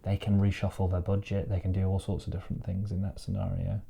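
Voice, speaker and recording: A woman's voice: rumbling low, level tone, fast, gravelly, warm tone. A woman from the north of England, co-hosting a casual podcast and chiming in agreeably. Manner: agreeable, chimes in with short affirmations. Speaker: podcast co-host.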